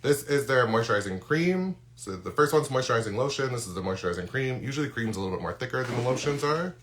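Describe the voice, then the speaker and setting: With background noise behind him, a skincare content creator speaks quickly in a mid-range male voice with lively intonation. He's losing his voice while chatting casually through a live unboxing stream, with many ums and restarts.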